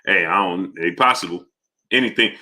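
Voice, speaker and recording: A man hosting a casual livestream, reading viewer chats aloud and ranting heatedly, dropping to low mutters and then rising to loud outbursts. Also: expressive, moderate pace. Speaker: livestream host.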